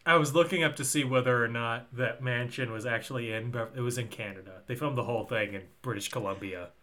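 A man's voice: mid-range voice, fast, bright, forceful tone. A young man co-hosting a podcast, chatting casually and rambling through a film recap. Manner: rambling, trails off with ums. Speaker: podcast co-host.

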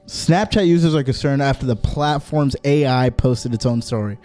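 A man with a mid-pitched, easygoing voice talks in a loose podcast chat. He stays relaxed and jokey and brings up the topics. Faint music sits underneath. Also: normal speed. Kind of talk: casual group chat.

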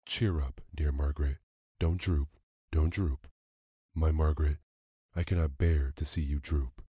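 A man reading aloud and voicing a gentle, sorrowful uncle in a soft, tender manner. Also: a bass voice, fairly even intonation, unhurried, breathy edge, dry recording, clean studio sound, exaggerated voice.

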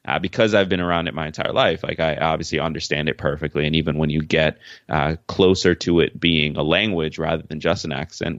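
A Jamaican man with an extremely low voice answers interview questions as a podcast guest, speaking frankly and in an easygoing, casual way. The recording is dry and a little dull.

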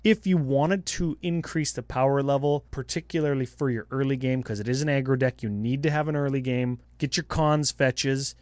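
A man co-hosting a casual podcast, talking card-game strategy in an animated way with quick jokes. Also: mid-range voice, no echo. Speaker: podcast co-host.

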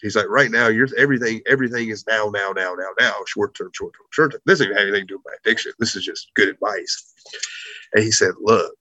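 A man's voice: on the low side, fast talker, sharp tone, dry recording, low-quality recording. A man speaking as an interview guest, thoughtful and hesitant, with frequent fillers. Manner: hesitant, many fillers and restarts. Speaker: guest, pro wrestler. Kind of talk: interview talk.

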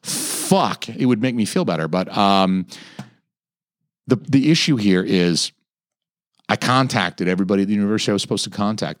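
At a normal pace, a thirty-something man rants on his podcast, animated and cursing freely. The audio is studio quality with no room sound, and he mock-quotes other people by pitching his voice up.

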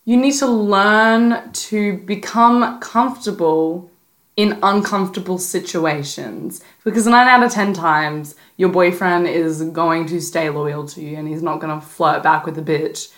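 A woman's voice: lowish voice, steady tone, unhurried, a bit bright. A young woman hosting a casual advice podcast, talking bluntly and playfully, with plenty of swearing and sass. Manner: blunt, sassy, profane, playful. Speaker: podcast host.

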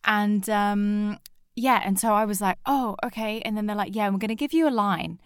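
Lively storytelling young woman, dry close mic. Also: medium pitch, moderate pace, clear, resonant tone, dry recording. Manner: animated storyteller, acts out quotes. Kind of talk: casual chat.

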